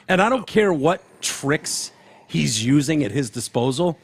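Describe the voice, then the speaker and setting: A man co-hosting a podcast, his voice gravelly and a little husky. He sounds worn down and tired, but his pitch still swings up and down in a lively way as he chats loosely and swears freely. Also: measured pace. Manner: loose, profane, talks sports with animated swings in pitch. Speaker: podcast co-host. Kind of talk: casual chat.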